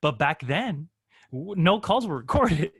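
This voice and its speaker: A man's voice: fairly high pitch, big pitch swings, a little slow, fairly bright tone, slightly rough, no echo, clean studio sound. A man improviser telling stories in casual conversation, often slipping into voices and accents as he goes. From Miami area. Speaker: improviser and guest. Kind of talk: casual storytelling.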